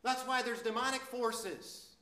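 A man's voice: very high voice, steady tone, measured pace, bright, forceful tone. A man preaching a sermon, telling a story earnestly and with emphasis, now and then stumbling over a word. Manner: earnest, emphatic storytelling with some stammered restarts.

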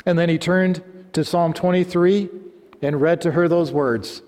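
A male preacher delivering a sermon, speaking slowly and emphatically, often letting phrases sink to a low hush at their ends. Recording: echoey hall reverb.

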